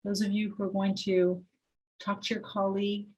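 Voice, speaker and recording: A woman psychologist runs a professional skills workshop. She speaks directly and in a coaching way, often turning to the group with questions. Her voice sits at a middle pitch. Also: flat delivery, normal speed, darkish tone, highs cut off. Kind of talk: interactive workshop teaching.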